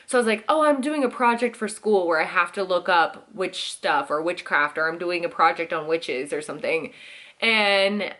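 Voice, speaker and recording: A woman's voice: lowish voice, lively intonation, moderate pace, a bit bright. A woman in her thirties chatting casually as a vlogger, answering Q&A questions and acting out quotes along the way. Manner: chatty, many "like"s, acts out quotes. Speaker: vlogger host. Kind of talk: casual Q&A chat.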